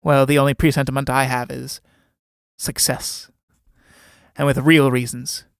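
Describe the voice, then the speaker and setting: A man's voice: medium pitch, level tone, unhurried, vocal fry, clear, resonant tone. A man reading a proud playwright in a storybook play, grand and boastful in his speech. The sound is dry and close, with no room echo. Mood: grandiose. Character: ambitious, proud male playwright.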